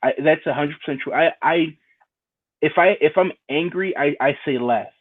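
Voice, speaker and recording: A man's voice: fairly high pitch, normal speed. A man hosting a casual chat show, talking bluntly and profanely, often stumbling over and repeating his words. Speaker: show host. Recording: tinny phone-like sound.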